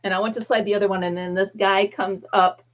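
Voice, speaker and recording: A woman's voice: mid-range voice, level tone, fast talker. Middle-aged woman chatting on a live stream, telling a story and doing the voices, dull lo-fi sound. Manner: chatty storyteller, acts out quotes. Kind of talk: casual chat with viewers.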